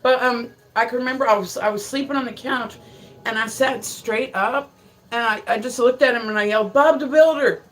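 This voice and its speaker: A woman's voice: a little high, fairly even intonation, a little fast, a bit bright, poor audio. Profane, laughing woman livestreamer. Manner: profane, rambling storyteller; laughs often mid-sentence. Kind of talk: casual livestream chat.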